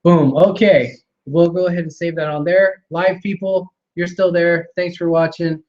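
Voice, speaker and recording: A man's voice: a little high, fairly even intonation, moderate pace, a little mellow, muffled recording. Laid-back man hosting a wrestling show. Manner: laughs often, easygoing, wraps up segments. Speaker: wrestling radio host. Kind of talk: casual interview chat.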